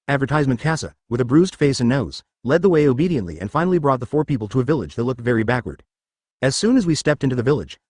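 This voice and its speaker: A man reading a story aloud in scripted audiobook narration, keeping one even voice even for the quoted speech. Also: medium pitch, no room sound, studio quality. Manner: even reading of every line, quoted speech read in the same voice.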